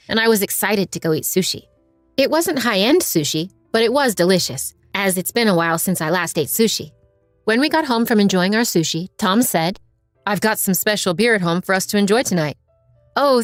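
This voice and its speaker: A woman giving an even, storytelling narration of a first-person story. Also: mid-range voice, dry recording. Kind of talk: scripted narration. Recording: dry voice over faint music.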